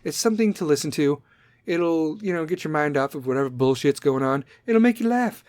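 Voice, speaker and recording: A man's voice: on the high side, expressive, fairly quick, a little mellow, no room sound. A man in his forties hosting a solo comedic podcast, swearing constantly as he rambles in a sarcastic rant. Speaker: podcast host.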